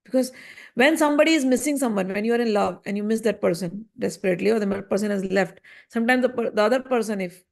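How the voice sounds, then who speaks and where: A woman teaching a scripture lesson, telling the story in an animated way and acting out the voices in it. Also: mid-range voice, quick pace, creaky.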